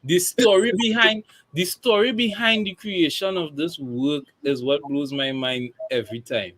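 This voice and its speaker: A man's voice: a little high, fairly even intonation, unhurried, fairly bright tone. A man hosting a casual interview, encouraging his guests with lots of fillers and restarts. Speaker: interview host.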